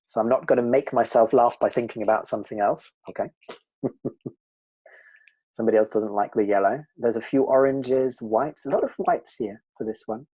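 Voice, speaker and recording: Animated man presenting with frequent laughter. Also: mid-range voice, husky, rough recording. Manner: animated, laughs often, acts out voices. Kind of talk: online workshop presentation.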